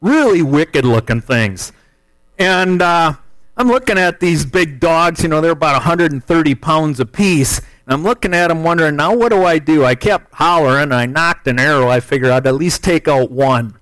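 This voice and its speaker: A man's voice: a little high, moderate pace, fairly bright tone, no room sound, low-quality recording. Folksy man telling a story. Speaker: speaker telling a testimony. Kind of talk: storytelling sermon.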